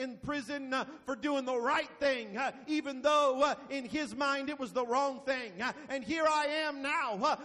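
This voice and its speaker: In a sermon, a man puts on a weary old prophet locked in prison, halting and pleading with many restarts. His voice is high and bright for a man, and it rings in a long church reverb.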